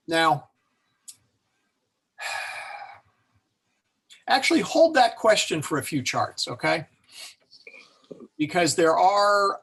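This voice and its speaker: A man leads a Latin class over a computer mic, thinking aloud and correcting himself as he goes. His pitch sits in the middle range, and he chuckles at his own small slips. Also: fairly bright tone, slightly rough. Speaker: Latin teacher. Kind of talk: online class lecture.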